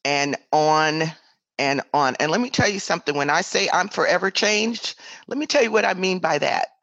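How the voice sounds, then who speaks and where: An American woman co-hosting a podcast, soft-spoken and thoughtful, with quiet murmurs of agreement. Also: fairly low pitch, moderate pace, dry recording, dull audio. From United States. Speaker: podcast co-host. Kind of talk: casual podcast chat.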